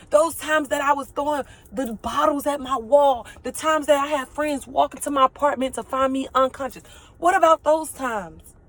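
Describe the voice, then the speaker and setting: A woman in her late twenties giving an emotional motivational talk, earnest and preachy, repeating phrases for emphasis. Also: sits high. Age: late 20s.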